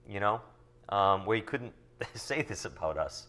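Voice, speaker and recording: A man teaching from the Bible, reading verses slowly and then explaining them in casual asides full of rhetorical questions. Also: fairly low pitch, animated, a bit bright. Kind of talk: sermon teaching from scripture.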